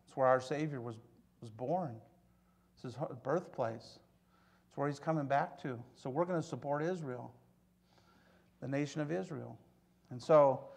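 A man's voice: medium pitch, gravelly. A middle-aged man from Michigan preaching a conversational sermon as pastor, telling stories and prodding the congregation for amens. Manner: chatty storytelling, prods the congregation for amens. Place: church sanctuary.

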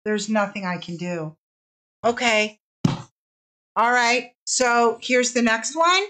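Woman host, live sale stream, fairly high-voiced, excitable and apologetic. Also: slow, poor audio. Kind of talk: casual live-stream sales chat.

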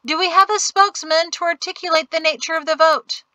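A woman reading the part of a male magistrate loudly calling for a vote in an audiobook. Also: very high-pitched, steady tone, fairly quick, no room sound, voice pushed up. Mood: formal. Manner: loud, formal.

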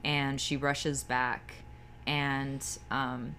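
A woman with a very low voice talks slowly and haltingly, piecing a film's scenes back together. She chimes in with short agreements between her longer turns. A faint noise sits under the recording. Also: little pitch movement, fairly bright tone. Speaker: co-commentator. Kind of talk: casual movie recap chat.

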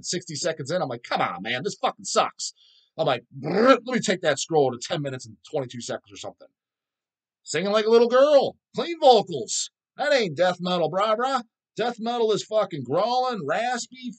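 A man hosting his own channel, answering viewer questions in a blunt, crude, constantly swearing rant. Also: high-pitched. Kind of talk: profane casual rant.

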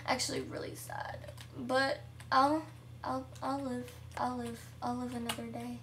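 A young girl giving casual, chatty commentary over her own gameplay at home, excitable and shrieking at surprises. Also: high voice, measured pace, far from the mic, a little hiss or hum. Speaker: gameplay vlogger.

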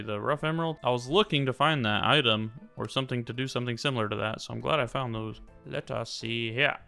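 A young man casually commenting while he plays a game, chatting to the game characters and turning suddenly loud when surprised. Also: medium pitch, vocal fry. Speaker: gaming YouTuber. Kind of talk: casual let's-play commentary. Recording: faint music behind.

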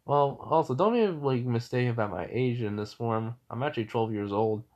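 A man's voice: medium pitch, brisk, darkish tone, lo-fi sound, natural voice. A man voicing a cheerful, casual boy ninja in his own everyday voice, speaking in an offhand way.

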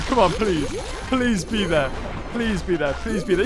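A woman hosting a let's play, excitable, muttering low then bursting into loud outbursts. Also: moderate pace. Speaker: gaming channel host. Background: game music.

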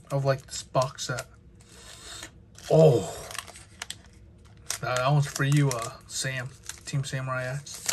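A young man chatting excitedly with lots of filler words while opening trading card packs. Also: mid-range voice, a little hiss or hum. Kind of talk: casual unboxing commentary.

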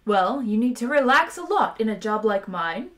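A woman's voice: on the high side, big pitch swings, normal speed. Woman doing a mild, lazy male captain. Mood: gentle. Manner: soft, gentle, unbothered.

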